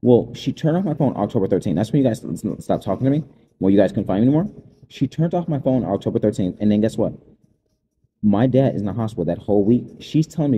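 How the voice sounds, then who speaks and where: Man, unscripted personal monologue: fast, rambling and aggrieved, with a deep, very warm and dark tone. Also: lively intonation. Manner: rambling and aggrieved, jumping between events.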